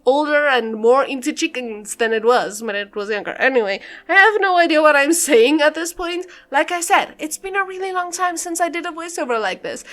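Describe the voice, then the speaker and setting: A woman's voice: sits high, animated, brisk, few pauses, fairly bright tone. A young woman talking through a game build in a casual voiceover, rambling and giggly with lots of fillers. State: a bit out of breath.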